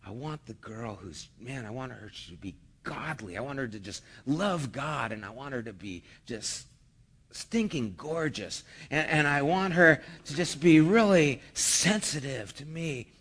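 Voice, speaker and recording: A man's voice: mid-range voice, animated, a little slow, a bit bright, husky, voice pushed down, exaggerated voice. A man voicing a young man who stammers dreamily about the perfect godly girlfriend he wants. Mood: dreamy.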